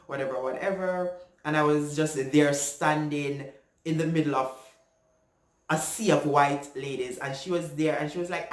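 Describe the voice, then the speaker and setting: A man from Jamaica with a Jamaican accent, telling a personal story in an earnest, animated way. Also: a little high, moderate pace. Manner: earnest, animated, slips into patois when upset. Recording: echoey room.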